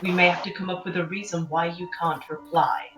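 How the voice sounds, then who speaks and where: A woman's voice: on the low side, fairly even intonation, fairly quick, fairly bright tone, faint music behind. A woman playing a tabletop game on a voice call, matter-of-fact and asking practical questions. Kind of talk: casual game chat. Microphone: headset on a voice call.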